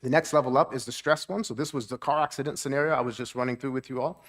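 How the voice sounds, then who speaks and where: A man's voice: medium pitch, steady tone, fast talker, fairly bright tone. A man, a therapist, giving a talk at a church seminar. He explains things plainly, keeps checking in with the audience, and lifts his voice to act out moods.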